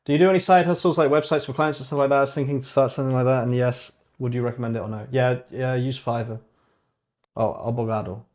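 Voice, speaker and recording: A man talks his way through a live coding session, reading viewer questions aloud and answering them casually. He drifts into quiet, muttered asides and sarcastic grumbles at his work. His voice sits at an ordinary middle pitch. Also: fairly even intonation, quick pace. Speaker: streamer building an online store.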